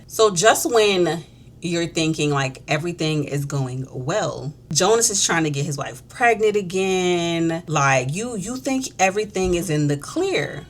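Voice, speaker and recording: A woman's voice: low-pitched, animated, a little fast. A woman chatting casually and gossipily while doing her makeup, in slang, acting out the characters' quoted lines. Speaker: beauty vlogger. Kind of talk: casual chat recapping a show.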